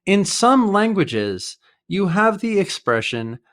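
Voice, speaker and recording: A man teaching an English idiom lesson, explaining each phrase slowly and carefully with example sentences. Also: sits high, sing-song, fairly bright tone.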